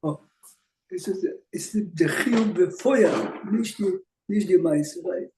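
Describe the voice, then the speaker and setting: A man in a Talmud study session who reads the Hebrew text in rapid singsong bursts, hesitating and repeating words as he checks his understanding. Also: high-pitched, reverberant, noisy background. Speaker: study partner.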